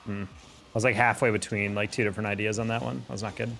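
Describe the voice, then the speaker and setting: A man's voice: fairly low pitch, quick pace, creaky. A young American man chatting casually while playing, reacting to plays and answering viewers. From United States. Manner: relaxed, reacts aloud to plays, chats with viewers. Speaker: streamer and game analyst.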